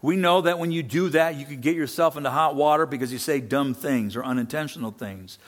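A man's voice: a little high, fairly quick. A man preaching a sermon as pastor, emphatic, asking and answering rhetorical questions. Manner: animated, rising and falling delivery.

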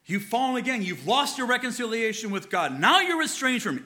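A male pastor preaching a sermon with passion. He climbs to fervent, emphatic peaks and then sinks into low, earnest stretches. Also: sing-song, brisk, few pauses, sharp tone.

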